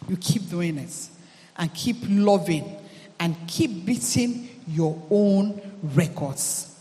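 A male pastor with a high voice delivers an emphatic sermon, piling phrases into rhythmic, repeated lists. His voice rings through a church hall with a long reverberant tail. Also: a little mellow. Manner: emphatic preaching with repetitive, building cadence.

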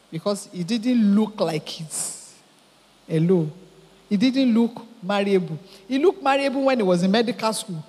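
A woman's voice: medium pitch, breathy edge, in a large hall. A Nigerian woman preaching a sermon, exhorting her listeners and acting out stories in quoted voices. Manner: exhorting, animated storytelling with quoted dialogue.

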